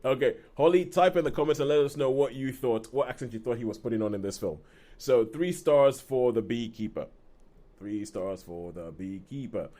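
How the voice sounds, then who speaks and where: A man co-hosting a film podcast, chatting casually with rambling restarts and quick laughs. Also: medium pitch, dark tone. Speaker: podcast co-host. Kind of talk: casual film review chat.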